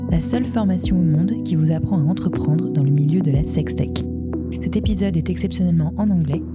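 Brisk woman host over loud music. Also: lowish voice. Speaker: podcast host. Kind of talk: scripted intro.

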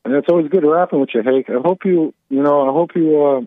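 A man's voice: on the high side, fast, no echo. A man in his forties from upstate New York, calling in and rambling, needling the host and repeating himself. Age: 40s. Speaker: caller. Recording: tinny phone line.

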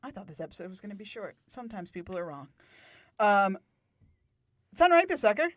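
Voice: medium pitch, big pitch swings, brisk, no echo. A podcast co-host in casual chat who laughs often and acts out lines from scenes.

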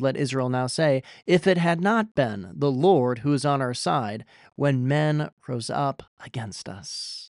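A man's voice: medium pitch, a little slow, a little mellow, no echo, studio quality. A young man from Iowa preaching a sermon, earnest and emphatic, his voice rising when he pleads. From Iowa, USA. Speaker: pastor.

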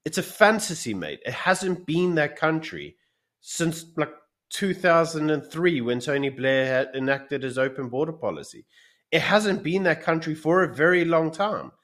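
A man's voice: on the high side, sing-song, moderate pace, a bit bright. A man from South Africa co-hosting a podcast, telling a long story in casual chat and acting out the people he quotes. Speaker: podcast co-host.

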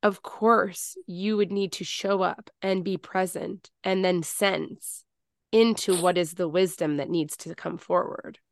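A woman hosting a podcast interview, offering measured and reflective comments. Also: on the low side, fairly even intonation, dry recording, studio quality. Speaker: podcast host. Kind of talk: interview conversation.

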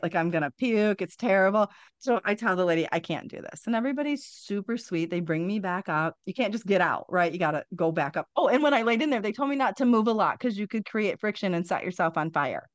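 A middle-aged woman, a podcast guest, telling her story in a candid, conversational way. She is blunt and animated, swears freely and laughs her way through hard memories. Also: medium pitch, a little fast, dry recording.

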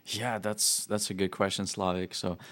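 Deep-voiced earnest missionary man. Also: little pitch movement, moderate pace, fairly bright tone. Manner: earnest, fervent, preachy explaining. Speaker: missionary guest. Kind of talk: casual interview chat.

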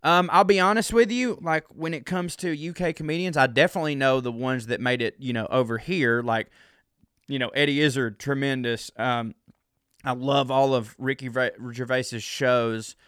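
A comedian with a drawl talks through his solo podcast, rambling, restarting sentences and poking fun at himself. His voice is smooth and clear at a middling pitch. It is recorded close up in a dead-dry room. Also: steady tone, moderate pace, fairly bright tone, no echo. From Southern US. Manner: rambling and self-mocking, with many fillers and restarts. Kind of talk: casual solo podcast chat.

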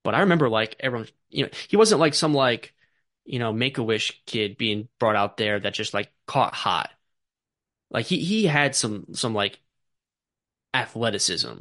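A man co-hosts a casual sports podcast, talking in long rambling runs full of fillers. He swears offhandedly as he goes. His voice sits in a middle pitch, and the sound is dry and close. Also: lively intonation, normal speed, a bit bright, dry recording. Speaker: podcast co-host.

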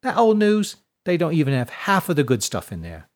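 A man's voice: a little high, wildly swooping pitch, brisk, voice pushed up. Tess, a man doing a brash young Northern girl. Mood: scoffing. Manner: brash, scoffing dialect speech. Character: young Northern English girl prisoner, bold and defiant.

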